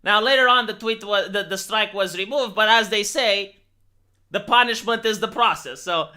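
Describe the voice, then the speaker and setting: Sharp-voiced streamer man. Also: high-pitched, moderate pace, clean tone. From Romania. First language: Romanian. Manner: rambling, sarcastic, many restarts. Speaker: live streamer. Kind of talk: casual live stream commentary.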